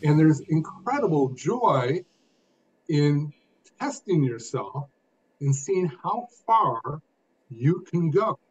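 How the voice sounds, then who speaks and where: An older man, a guest telling his story in an expressive, emphatic way, phrase by phrase. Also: on the high side, slow pace, breathy edge. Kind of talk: conversational storytelling. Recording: dull lo-fi sound.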